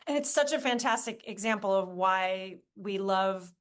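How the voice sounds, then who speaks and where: A woman screenwriter appearing as a podcast guest, talking with gushing enthusiasm and quick asides. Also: medium pitch. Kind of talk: casual interview chat.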